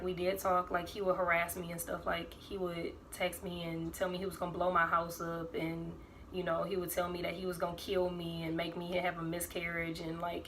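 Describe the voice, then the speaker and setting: A woman's voice: lowish voice, fairly bright tone, slight background noise. A young woman, rambling through a casual storytime vlog and full of fillers. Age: 20s. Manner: rambling, filler-heavy, acts out quoted voices. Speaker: vlogger.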